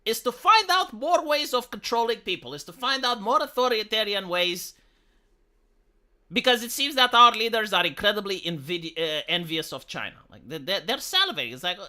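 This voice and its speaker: A man's voice: high voice, animated, fairly quick, bright, forceful tone. A man from Romania ranting on a live stream, heated and profane, often stumbling and restarting his sentences.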